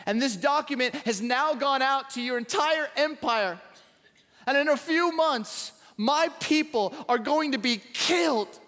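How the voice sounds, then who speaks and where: A man's voice: extremely high pitch, measured pace, sharp tone, exaggerated voice. A man voicing a grave queen who solemnly pleads and accuses before the king. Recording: echoey large hall.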